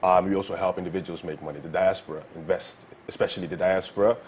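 A man with a very deep voice talking fast as an investment guest on a talk show. He answers enthusiastically, stumbling over fillers and restarts, and a faint murmur sits in the background. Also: steady tone, a little mellow, a little hiss or hum.

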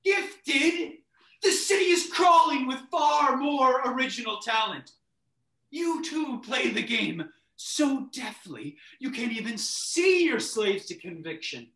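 Brief: young male actor as a wounded, sneering young playwright; wide-ranging pitch, roomy echo. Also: sing-song, takes it slowly, heavily acted. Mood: scornful. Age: young adult. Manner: swings from hushed grief to sneering outbursts. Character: bitter young man, struggling playwright son. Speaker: student actor. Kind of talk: stage drama over video call. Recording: echoey room over video call.

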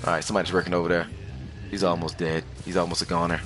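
A man hosting a gaming channel, giving excitable live commentary over gameplay, trash-talking the other players and laughing often. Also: sits low, very fast, over loud music.

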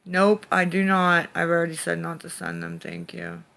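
A man's voice: on the high side, sing-song, normal speed, vocal fry, sharp tone. A man live-streaming late at night, irritably snapping back at commenters and muttering repeated words. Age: adult parent. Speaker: livestreamer reading chat.

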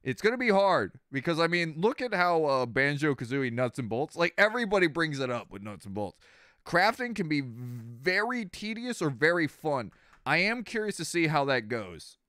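Brief: excitable male game streamer, clear smooth voice, lively chatter. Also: fairly high pitch, moderate pace, dry recording, clean studio sound. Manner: excitable, swears, jumps to shouts and chatty tangents. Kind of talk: let's play commentary.

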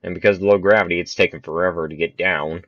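Young guy with a really low voice chatting through a golf game, laughs at himself, kinda muffled dry recording. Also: fairly even intonation, fast, no echo. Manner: chatty, self-mocking, laughs at his misses. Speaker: gaming channel host. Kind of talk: casual gameplay commentary.

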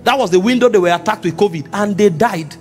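A Nigerian man preaching with an unusually high voice for a man. He delivers his sermon with lively, animated energy and often rises to shouts. Soft music plays faintly behind him. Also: quick pace. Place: church meeting.

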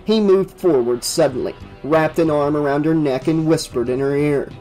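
A man reading a horror novel aloud as an audiobook, in a steady, vivid storytelling manner. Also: a little high, moderate pace, faint music behind, rough recording. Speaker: audiobook narrator.

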